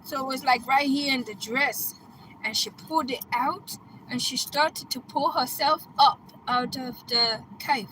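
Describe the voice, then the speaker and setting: A woman coach casually retelling a film plot in an excitable, chatty way, laughing and breaking into loud exclamations. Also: high-pitched, measured pace, a little hiss or hum, rough recording. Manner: chatty, checks in with "right?" and "okay?".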